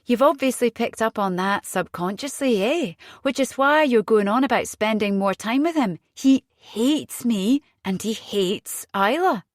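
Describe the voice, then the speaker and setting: A woman voicing an agitated young Scottish mother in an audiobook, speaking urgently with a rising pitch. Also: animated, unhurried, hardly any pauses, dry recording, clean studio sound.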